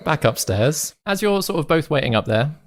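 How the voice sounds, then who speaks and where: A man's voice: a little high, expressive, moderate pace. A man running a tabletop game as game master, narrating casually with laughs and restarts.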